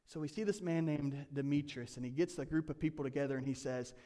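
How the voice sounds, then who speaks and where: Man, preacher, sermon, higher voice, reads scripture and retells it casually. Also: quick pace, mellow. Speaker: pastor.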